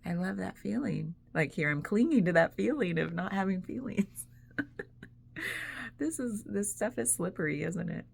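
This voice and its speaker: A woman's voice: medium pitch, animated, normal speed, gravelly, a little mellow, a little hiss or hum. A woman vlogger talking in a casual, rambling way, full of "like"s and easy laughs. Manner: rambling, chatty, laughs often, many "like"s. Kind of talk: casual reflective monologue.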